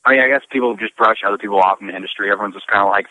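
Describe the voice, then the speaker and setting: A man's voice: lowish voice, rapid-fire, sharp tone, dry recording. A man, a rapper guest in a casual interview, telling rambling stories and swearing a lot. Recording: tinny phone-line sound.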